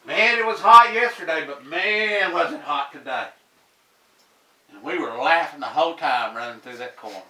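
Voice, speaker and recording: Older man, storyteller; slow, animated delivery, heard from a distance in an echoey room. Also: a little high. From Tennessee, US. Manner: slow, dramatic, draws out words, hushes and shouts. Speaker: family storyteller. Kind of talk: oral storytelling to family.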